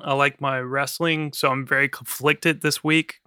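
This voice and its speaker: A man's voice: on the high side, fairly even intonation, measured pace, few pauses, sharp tone, clear, resonant tone, no echo, studio quality. A man hosting a film podcast in casual chat, teasing and bantering with his co-host.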